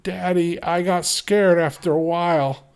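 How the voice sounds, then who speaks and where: A man voicing a small, frightened girl who speaks in a halting, pleading way. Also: on the low side, fairly even intonation, darkish tone, smooth, pitched above the performer's own voice. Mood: scared.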